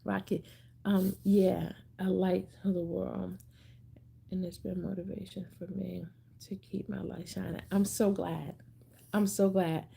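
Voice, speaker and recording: A woman's voice: mid-range voice, little pitch movement, measured pace, gravelly, warm tone, a little hiss or hum. A woman hosting a casual livestream, chatting playfully with viewers and reading their comments aloud, often repeating herself for emphasis. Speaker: livestream host.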